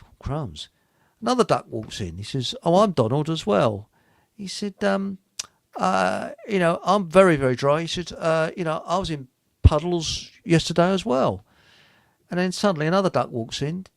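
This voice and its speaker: This is a radio host in easy chat, telling shaggy pub jokes and laughing at his own lines. His voice is gravelly and swings widely in pitch. The sound is dry and close. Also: no room sound. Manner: chuckling, rambling joke-teller who stumbles over lines.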